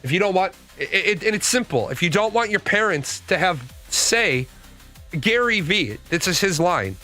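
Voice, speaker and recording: A man's voice: high-pitched, sing-song, normal speed, bright, forceful tone, soft background music. A middle-aged man giving blunt, profane opinions in casual commentary, answering his viewers' comments as a show host. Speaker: podcast host.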